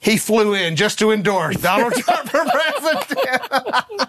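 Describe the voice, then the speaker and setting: A man's voice: very high-pitched, wildly swooping pitch, a little slow, fairly bright tone, voice pushed up, full character voice. A man quoting a chatty old driver. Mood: matter-of-fact. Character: chatty little old male driver, eager fan.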